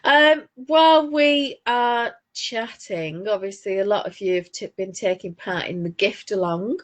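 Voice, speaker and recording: A woman's voice: mid-range voice, unhurried. A woman from northern England, co-hosting a crafting podcast in casual, rambling chat full of restarts. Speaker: podcast co-host.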